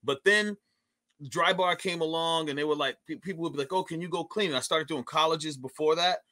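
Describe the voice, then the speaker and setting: A man's voice: a little high, fairly quick. A young male stand-up comedian chatting loosely as an interview guest, often restarting his sentences. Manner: animated, loose, repeats words when starting sentences. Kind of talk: casual interview chat.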